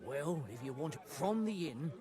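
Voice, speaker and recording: A man's voice: a little high, animated, moderate pace, crowd noise, close to an everyday voice. A man playing a chatty, folksy innkeeper passing on grim news in a game. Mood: gossipy. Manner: chatty, colloquial folksy speech. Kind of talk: game dialogue.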